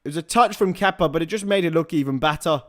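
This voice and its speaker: A fairly high-voiced man streaming a live football watchalong. He runs commentary on the play and chats loosely with his chat, now and then shouting out a goal. Casual, a bit sweary, forever calling everyone lads. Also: quick pace. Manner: casual and chatty, swears, addresses viewers as lads; bursts into loud excited goal calls.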